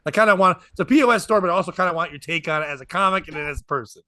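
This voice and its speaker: Bright, tense-voiced male comedian, dry sound. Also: sits high, racing, no echo. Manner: animated, acts out quoted voices. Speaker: comedian and podcast host. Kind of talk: casual storytelling chat.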